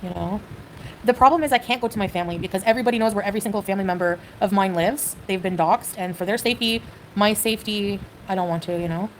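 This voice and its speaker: A woman's voice: medium pitch, quick pace, slight background noise, rough recording. Hesitant rambling woman on a livestream. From Canada. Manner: hesitant, rambling, full of "like" and "you know".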